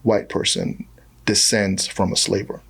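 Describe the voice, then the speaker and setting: Joking Nigerian-raised comedian, low voice. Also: male voice, unhurried, gravelly, husky. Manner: jokey, animated storytelling with voiced asides. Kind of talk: casual podcast conversation.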